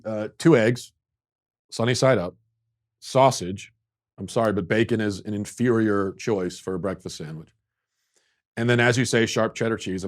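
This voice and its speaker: Mock-indignant male podcast host. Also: medium pitch. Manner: sarcastic, mock-indignant, swings from deadpan to shouting. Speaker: podcast host reading listener emails. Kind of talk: mock-outraged comedic rant.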